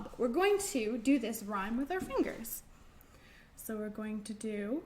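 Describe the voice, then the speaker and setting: Woman, children's librarian, high voice, unhurried sing-song delivery. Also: expressive. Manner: slow, gentle, sing-song with frequent laughs. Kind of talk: storytime reading and finger rhymes for children.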